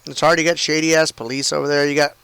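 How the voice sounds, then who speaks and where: Man streaming from home, rambling storyteller, lots of "like" fillers, raised pitch, smooth clean tone, dry close sound. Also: flat delivery, quick pace, sharp tone, no room sound, low-quality recording. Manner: rambling, full of "like" and "I mean", swears casually. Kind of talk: casual storytelling while streaming a game.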